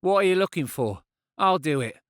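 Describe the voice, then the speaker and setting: Brief: man playing a battered, rough-talking young hero, lively pitch, desperate edge, dry audiobook sound. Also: moderate pace, no echo. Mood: weary. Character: exhausted, frightened young man, rough-spoken. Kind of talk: audiobook character voice.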